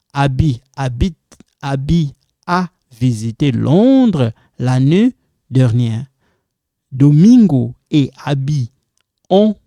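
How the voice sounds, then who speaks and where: A man speaking in a dry, close recording with a mellow, somewhat high voice. He teaches beginners in an unhurried, patient way, repeating words and reassuring them that it's okay. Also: no room sound. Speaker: French teacher. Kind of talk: recorded beginner language lesson.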